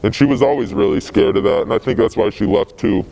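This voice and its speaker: A man's voice: fairly low pitch, very animated, fast talker, vocal fry, mellow, a little hiss or hum, rough recording. A young man, a graffiti writer telling stories in a casual interview, laid-back, rambling and full of swearing.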